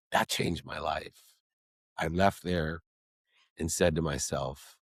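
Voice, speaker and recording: A man's voice: a bass voice, steady tone, takes it slowly, gravelly, pauses often, breathy edge, dry recording, clean studio sound. A middle-aged man, a guest in an interview, telling a personal story in an earnest, emphatic way with alliterative phrasing.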